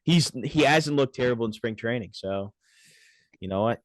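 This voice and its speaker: A young man, co-hosting a casual sports podcast, talking fast and excitable and swearing freely. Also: medium pitch, no echo. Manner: excitable, swears freely, drifts into mock voices. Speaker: podcast co-host.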